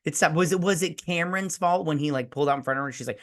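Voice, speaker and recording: A man's voice: on the high side, racing, hardly any pauses. A tipsy man co-hosting a casual movie-review chat, swearing a lot and acting out scenes he describes. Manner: profane, animated, acts out quoted film scenes. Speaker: podcast co-host.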